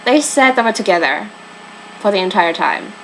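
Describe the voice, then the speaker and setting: A woman casually commenting on a mystery game, chatty and thinking out loud as she weighs the suspects. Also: medium pitch, lively intonation, moderate pace, slight background noise, low-quality recording. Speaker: let's play host.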